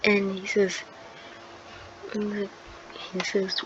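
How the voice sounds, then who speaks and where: A woman ambles slowly through a casual fan-story retelling, hesitating and circling back with plenty of fillers. The recording is dull and lo-fi, with a steady hiss of noise underneath her voice. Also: medium pitch. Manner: rambling and hesitant, many fillers. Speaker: video creator. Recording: dull lo-fi sound with clear background noise.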